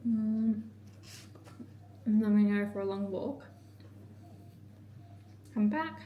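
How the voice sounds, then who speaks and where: A woman vlogging in a casual chatty way, with frequent ums and soft half-whispered asides, in a morning voice. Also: mid-range voice, slow pace, phone-quality sound, slight background noise. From Australia. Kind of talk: casual vlog chat.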